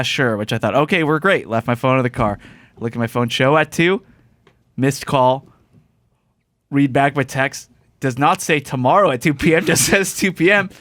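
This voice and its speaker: A man's voice: mid-range voice, fairly bright tone, dry recording. A man hosting a casual podcast chat, telling a rambling anecdote with plenty of laughter. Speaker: podcast host.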